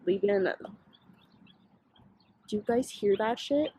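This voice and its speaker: A young woman vlogging casually, excitable and swearing a lot as she rants quickly. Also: mid-range voice, a little hiss or hum. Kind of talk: casual vlog chat. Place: in a parked car in Texas heat.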